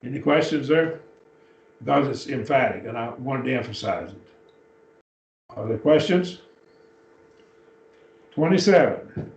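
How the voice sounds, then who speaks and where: Speaking a little slowly with frequent pauses, a man with an animated, slightly mellow mid-range voice leads a Bible class. He walks through the material step by step, often asking "okay?". The church classroom audio is echoey, distant, and dull.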